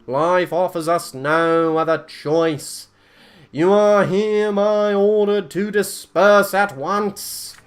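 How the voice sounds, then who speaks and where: A man's voice: sits high, fairly even intonation, clean tone, voice pushed up. A man doing a stern inquisition herald. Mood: stern, commanding. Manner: slow, solemn proclamation. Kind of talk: reading a text game aloud.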